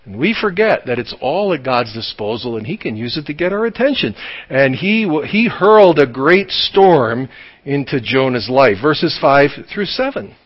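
A man preaching a sermon, animated and acting out little dialogues as he speaks. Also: mid-range voice, moderate pace, lo-fi sound. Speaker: pastor.

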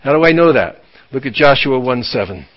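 A man preaching a sermon, animated and acting out little dialogues as he speaks. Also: medium pitch, fairly quick, highs cut off. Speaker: pastor.

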